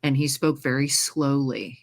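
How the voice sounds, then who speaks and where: An American woman who narrates audiobooks and trained as a singer, chatting in a casual interview and telling lively stories with frequent laughter. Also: very deep voice, measured pace. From United States. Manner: lively storyteller, laughs often; trained singer with controlled delivery.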